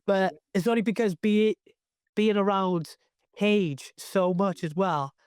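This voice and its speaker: A young Welsh man with a Cardiff accent talks in a high, clear voice. He chats loosely as an interview guest and keeps circling back with fillers and restarts. The sound is close and dry. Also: slow, darkish tone, dry recording. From Wales. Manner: rambling, lots of fillers and restarts. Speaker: professional wrestler, guest. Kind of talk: casual interview chat.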